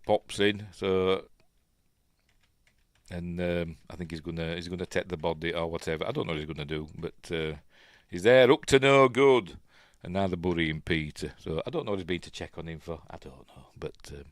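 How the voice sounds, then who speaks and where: A man's voice: low-pitched, dry recording, studio quality. A man with a Yorkshire accent casually commenting on a film as he watches it, rambling with many ums and restarts. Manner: plays out the characters' lines in quotes. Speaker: film review host.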